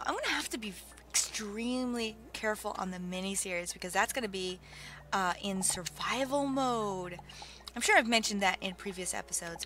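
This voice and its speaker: A young woman giving excitable, gushing commentary while playing a video game, on a budget desktop mic. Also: mid-range voice. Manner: excitable, gushing, lots of exclamations and laughs. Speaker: let's play host. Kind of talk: gaming commentary. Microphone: budget desktop mic with keyboard clicks. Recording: faint background noise, keyboard clicks.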